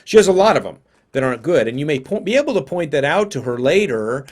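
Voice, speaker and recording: A man's voice: a little high, big pitch swings, fast talker. A man teaching parents in a live seminar, talking conversationally and thinking aloud with occasional fillers.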